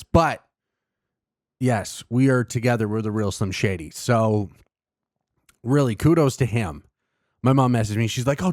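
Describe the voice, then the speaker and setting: A man talking straight into a close mic in a dry room, his voice at an ordinary middle pitch. He rants, jokes and swears with biting sarcasm, as a host talking alone to his listeners. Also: darkish tone, no room sound. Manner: ranting, sarcastic, profane. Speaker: podcast host. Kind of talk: casual monologue.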